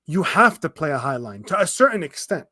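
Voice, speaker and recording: A young man hosting a football watchalong stream, ranting in exasperation with swearing, restarts and fast bursts of complaint. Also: on the high side, sing-song, pushed and bright, no room sound, clean studio sound. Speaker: fan commentator reacting to a live match. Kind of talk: livestream watchalong rant.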